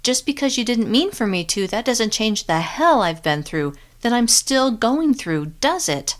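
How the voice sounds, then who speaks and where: A woman reading an audiobook and voicing an emotional teenage girl in a higher, youthful voice. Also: very animated, unhurried. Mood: hurt. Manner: higher, youthful voice with strong feeling. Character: sixteen-ish teenage girl, emotional and impulsive.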